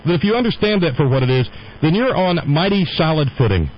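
A man's voice: fairly high pitch, sing-song, quick pace. Rambling male radio host, lo-fi sound. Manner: rambling, digressive, opinionated. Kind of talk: casual on-air monologue.

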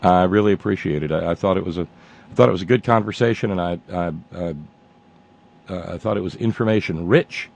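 A male talk-radio host delivers a casual, rambling monologue. His tone is sardonic and his voice sits low, with a gravelly texture. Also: fairly quick, darkish tone. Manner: rambling and sardonic, with many fillers and restarts.

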